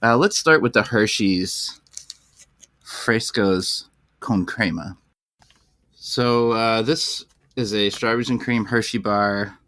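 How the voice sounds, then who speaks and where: A man's voice: lowish voice, slow, pauses often, a bit bright, no echo. A man co-hosting a podcast, joking bluntly and swearing freely in casual chat. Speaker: podcast co-host. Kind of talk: casual chat with crude banter.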